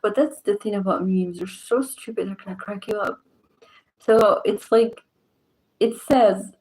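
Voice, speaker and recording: A woman's voice: medium pitch, a little mellow, rough recording. Young woman, Moroccan accent, casual vlog chat, laughs often, stretches her words. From southern Morocco. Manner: chatty, laughs often, drawn-out phrasing. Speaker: vlogger.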